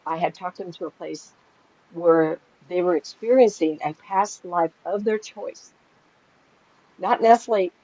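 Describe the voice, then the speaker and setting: A middle-aged woman tells stories in a relaxed, chatty way, breaking into laughter as she goes. Her voice sits at an ordinary pitch for a woman. The recording sounds a little dull and lo-fi. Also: no room sound. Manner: animated, laughs often while telling stories. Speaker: psychic medium guest. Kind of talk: casual storytelling chat.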